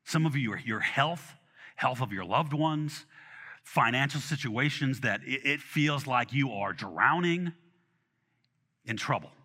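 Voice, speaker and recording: A man preaching a sermon in a conversational, animated way, often repeating himself as he restarts his phrasing. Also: medium pitch, unhurried, long reverb tail. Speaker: pastor.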